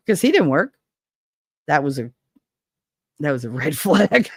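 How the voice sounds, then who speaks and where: A woman's voice: low voice, big pitch swings, a little slow, husky, no echo. A middle-aged woman with a New Jersey accent, hosting a casual livestream chat in a candid, profane, chatty way. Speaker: livestream host.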